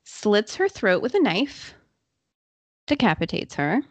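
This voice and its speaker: A woman hosting a podcast, telling a true crime story in a casual, chatty way with quick asides and fillers. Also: medium pitch, sing-song, dry recording. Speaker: podcast host.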